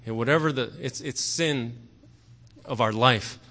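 A man preaching a sermon earnestly, often pausing on "okay" and growing forceful on key words. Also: mid-range voice. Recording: long hall reverb.

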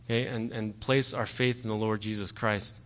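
A man preaching a sermon earnestly, often pausing on "okay" and growing forceful on key words. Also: on the low side, little pitch movement. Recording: long hall reverb.

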